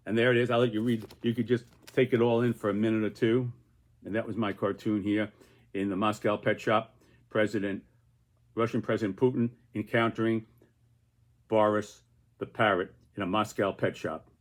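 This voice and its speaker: A man's voice: on the low side, little pitch movement, normal speed. An older man who is a political cartoonist, talking through his cartoon in a rambling, casual way with many repeated restarts. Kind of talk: casual video commentary.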